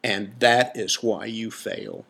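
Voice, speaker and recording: A man's voice: on the low side, sing-song, takes it slowly, vocal fry, a bit bright, slightly rough, exaggerated voice. A man quoting a tiny ancient Jedi master in a patient, amused tone, barely changing his voice. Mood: wise, amused.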